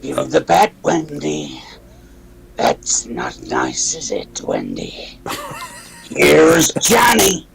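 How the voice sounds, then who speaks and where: A man putting on a creepy, unhinged taunter who drags out his words. The voice is gravelly and swoops low, and loud noise sits behind it. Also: wildly swooping pitch, extremely slow, long pauses, exaggerated voice. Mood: menacing.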